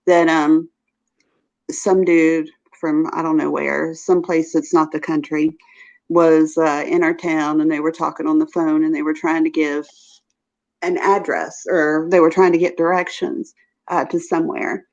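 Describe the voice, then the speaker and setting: A woman's voice: low voice, little pitch movement, measured pace, darkish tone. A woman with a Southern US accent hosting a casual live stream, chatty and laughing often. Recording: dull lo-fi stream audio.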